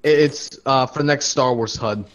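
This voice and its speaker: A man gamer in casual voice chat, speaking haltingly with lots of fillers. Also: medium pitch, dull audio. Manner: halting, many fillers and restarts.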